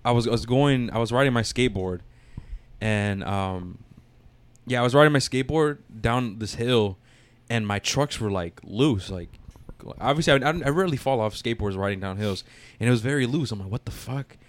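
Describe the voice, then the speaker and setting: A man's voice: medium pitch, moderate pace, no room sound. Rambling, profane young man telling stories. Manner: rambling, profane storytelling with many restarts. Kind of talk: casual chat.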